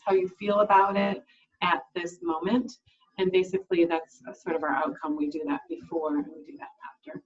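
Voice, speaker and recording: A woman's voice: fairly low pitch, slightly rough, muffled recording. A woman speech language pathologist giving an explanatory talk to camera, with frequent fillers and restarts.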